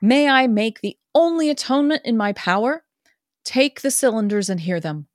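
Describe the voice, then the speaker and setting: A woman's voice: a little high, animated, moderate pace, no echo, lightly acted. Woman reading grave victorian doctor, earnest, dry close sound.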